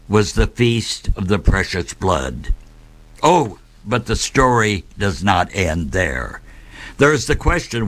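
A man narrating a saint's life story in a measured, deliberate way, with dramatic pauses. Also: on the low side, fairly bright tone.

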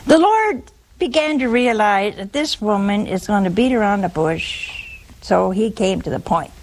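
A woman preaching a sermon, telling a Bible story in an animated way and asking her listeners questions. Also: mid-range voice, measured pace, poor audio.

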